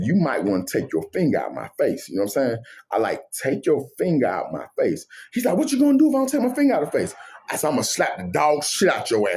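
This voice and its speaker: A man casually retelling a personal story, acting out each side of the conversations. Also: on the high side. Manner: animated retelling, acts out both sides of arguments.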